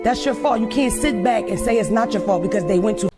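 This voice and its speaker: A man's voice: high voice, fast, music in the background. A man scolding people in a heated rant. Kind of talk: ranting commentary.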